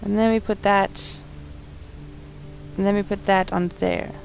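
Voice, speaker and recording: A woman's voice: medium pitch, little pitch movement, a little slow, creaky, lo-fi sound, slight background noise. A woman casually commentating a point-and-click game, reading the on-screen text aloud and reacting. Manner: reads game text aloud, mutters, then bursts into laughing outbursts. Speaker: game streamer. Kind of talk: casual let's-play commentary.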